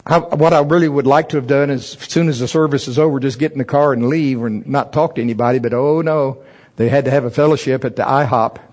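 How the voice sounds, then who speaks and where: Husky-voiced preacher telling funny stories. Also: male voice, fast. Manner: jumps into loud, high-pitched voices when acting out his own thoughts; chuckles often while telling stories. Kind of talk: humorous storytelling sermon.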